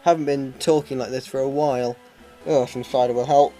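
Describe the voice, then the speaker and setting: A man's voice: mid-range voice, fairly even intonation, a little fast, warm tone. A man gives rambling, hesitant live commentary on a video game, with plenty of ums and restarts. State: voice starting to hurt. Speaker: let's play commentator. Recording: faint game music behind.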